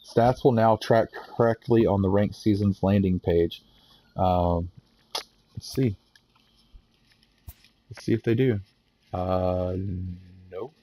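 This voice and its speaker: A man's voice: lowish voice, slow pace, pauses often, mellow, a little hiss or hum, poor audio. A man casually reading out game update notes and giving his take, rambling with lots of fillers and restarts. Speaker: gaming YouTuber.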